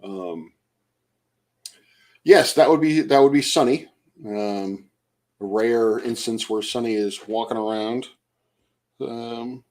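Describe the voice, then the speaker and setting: A man's voice: mid-range voice, slow pace, long pauses, a little mellow. A man on a casual late-night livestream from home, rambling and hesitant with lots of fillers, chatting to viewers by name.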